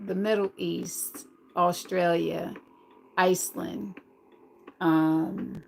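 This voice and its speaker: A woman's voice: on the low side, vocal fry, darkish tone, slight background noise, rough recording. A middle-aged woman hosting a casual live stream, talking earnestly and rambling straight to her viewers.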